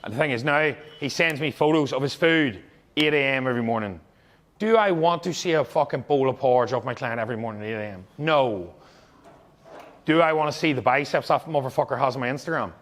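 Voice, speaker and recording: A man's voice: mid-range voice, fairly bright tone. A young man, a fitness coach, giving blunt, heavily profane, emphatic advice to fellow coaches.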